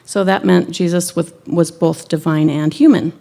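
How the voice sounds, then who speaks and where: A woman minister giving a sermon in a conversational, gently wry way. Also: lowish voice, fairly even intonation, normal speed, vocal fry.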